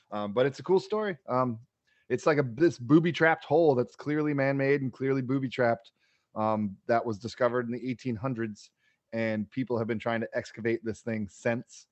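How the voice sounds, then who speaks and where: A man hosting a podcast in casual chat, easygoing and quick to laugh, with some swearing. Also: medium pitch, no echo.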